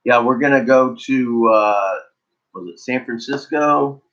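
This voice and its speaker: A man's voice: mid-range voice, unhurried, fairly bright tone, dull audio. A middle-aged man hosting a casual live stream, talking in an easygoing way and reminiscing. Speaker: channel host.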